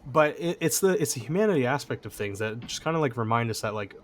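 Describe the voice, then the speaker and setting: Male guest, average pitch, loose rambling chat full of "like". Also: animated, fast talker, slight background noise. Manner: rambling, heavy use of "like". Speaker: podcast guest. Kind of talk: casual chat.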